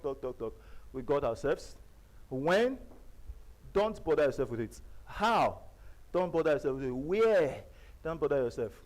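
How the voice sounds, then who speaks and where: A man with a Nigerian accent giving a live seminar talk, emphatic and repetitive, jumping between loud bursts and quiet asides. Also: a little high, poor audio. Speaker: seminar speaker. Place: seminar venue.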